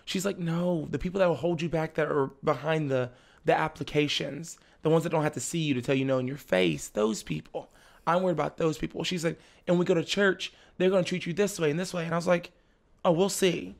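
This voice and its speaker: A young man, a guest on a podcast, telling a personal story in casual chat, animated and laughing often. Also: on the high side, brisk, gravelly. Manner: animated, laughs often, slips into the voices of family members.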